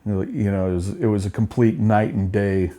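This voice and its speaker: A man's voice: lowish voice, steady tone, fairly quick, mellow. A middle-aged man, a Marine veteran, telling war stories in a casual interview, blunt and profane with bursts of laughter.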